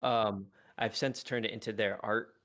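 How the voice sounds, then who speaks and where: A man's voice: on the low side, steady tone, normal speed, a bit bright. A man in his thirties, a podcast co-host and father of three, chatting casually with lots of "like" and "um". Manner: loose, filler-heavy questions. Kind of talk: casual chat.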